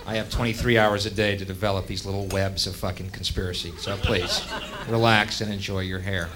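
A man's voice: deep voice, flat delivery, brisk, background noise. Profane, ranting male stand-up comic. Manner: profane, sardonic ranting with sudden shouts. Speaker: stand-up comedian. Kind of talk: stand-up comedy set.

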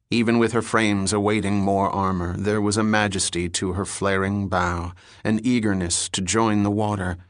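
A male audiobook narrator reading in a steady, vivid storytelling manner. His voice sits on the low side and the recording is close and dry. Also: dry recording. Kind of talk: scripted narration.

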